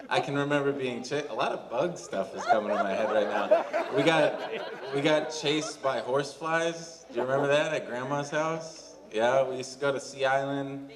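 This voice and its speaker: A young man in his twenties giving an emotional wedding toast for his sister, halting and full of fillers. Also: mid-range voice. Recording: distant camera, crowd noise behind.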